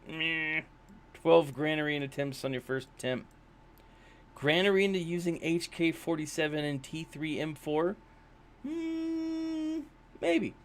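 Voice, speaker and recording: A man's voice: on the high side, fairly bright tone. Chatty man streaming a mobile game. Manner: chatty, rambling, with many fillers; self-deprecating. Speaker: gaming live-streamer. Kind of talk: casual live-stream commentary.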